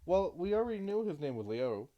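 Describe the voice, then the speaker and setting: Brief: casual male game master, lively pitch swings, swears freely. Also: a little fast, muffled recording. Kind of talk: narrating a tabletop game.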